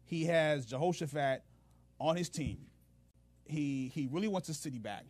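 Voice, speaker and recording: A man hosting a faith podcast, retelling scripture in an animated, humorous way with casual slang. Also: on the high side, normal speed. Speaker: podcast host, Bible teacher. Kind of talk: casual Bible teaching.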